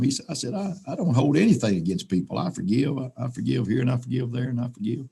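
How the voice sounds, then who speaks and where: A man's voice: mid-range voice, animated, fast, hardly any pauses, warm tone. An older man, a pastor telling a personal story in a folksy way with many restarts, speaking on a video call. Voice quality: gravelly.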